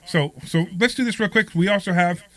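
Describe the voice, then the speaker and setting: A man's voice: high voice, fairly quick, a bit bright, low-quality recording. A male talk radio host who has a cold, chatting energetically with co-hosts and reading out the phone number.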